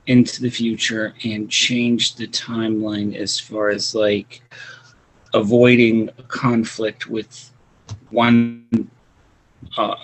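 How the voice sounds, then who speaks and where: A man in a casual podcast chat, hesitant and halting, with many fillers. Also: fairly low pitch, rough recording.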